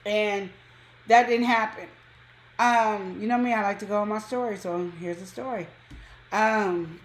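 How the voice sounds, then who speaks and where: A woman casually telling a personal story on a talk show, acting out quotes with sudden high jumps in pitch. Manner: animated, acts out quotes with big pitch jumps. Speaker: co-host.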